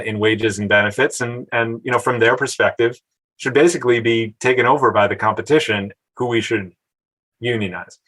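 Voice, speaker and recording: A man speaking as a guest on a podcast, explaining housing and labor issues in a measured, analytical way with mild hesitations. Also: medium pitch, fairly bright tone, poor audio. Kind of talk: podcast interview.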